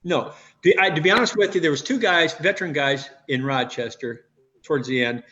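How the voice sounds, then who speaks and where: A man in his sixties, a former pitcher and guest, telling stories in a rambling way with many restarts. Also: brisk, pushed and bright, slight background noise. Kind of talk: casual interview storytelling. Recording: dull lo-fi audio.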